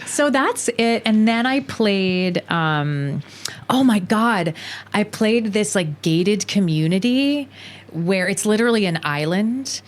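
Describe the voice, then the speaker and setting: A woman in her forties, a stage actress telling wry, animated stories as a guest on a casual podcast. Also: mid-range voice, slow pace. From United States.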